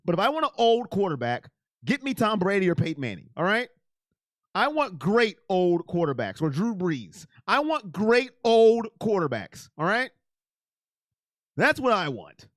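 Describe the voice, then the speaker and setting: A man hosting a casual live stream. He chats with viewers by name and talks in an emotional, animated way. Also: fairly high pitch, dry recording, clean studio sound. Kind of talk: casual live chat about football.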